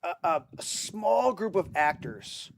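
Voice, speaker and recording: Rambling high-voiced man telling movie stories. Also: very animated, slow, a little hiss or hum. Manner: rambling storyteller with many restarts, acts out quotes. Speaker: podcast host. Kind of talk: casual group chat about movies.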